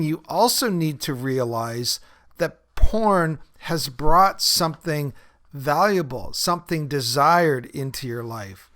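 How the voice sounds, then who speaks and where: Smooth-voiced man chatting on his podcast. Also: a little high, a bit bright. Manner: conversational, many fillers, laughs at his own stories. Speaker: podcast host and recovery group leader. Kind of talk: casual solo podcast talk.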